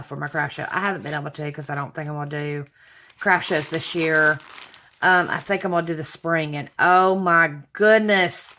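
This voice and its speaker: A woman's voice: low voice, bright, forceful tone, slight background noise. A woman, hosting her channel and chatting to viewers as she opens gifts, gushing and sentimental with frequent exclamations. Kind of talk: casual unboxing chat to viewers.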